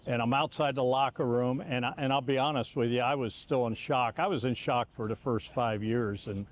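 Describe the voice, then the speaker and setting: An older man recalls his career in an easygoing, mid-pitched voice. He talks in loose, repeated bursts. When he quotes others, he jumps up in pitch and acts the lines out. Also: normal speed. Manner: animated, repeats words and restarts, acts out quotes. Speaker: longtime sportscaster. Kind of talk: reflective interview storytelling.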